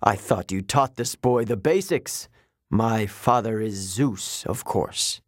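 A man's voice: on the low side, takes it slowly, dry recording, studio quality. A man voicing a petulant, bored male god of wine in an audiobook, drawling and scornful. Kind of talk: audiobook character voice.

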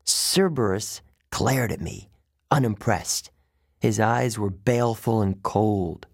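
A man narrating a first-person story as an audiobook reader, in an expressive storytelling manner. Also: on the low side, slow, gravelly, no room sound, studio quality.

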